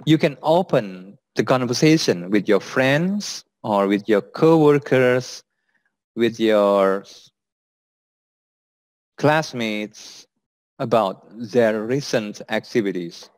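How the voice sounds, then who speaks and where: A man's voice: mid-range voice, lively intonation, takes it slowly, pauses often, darkish tone, dry recording. A man with an Indonesian accent teaching an English lesson, patiently repeating example sentences.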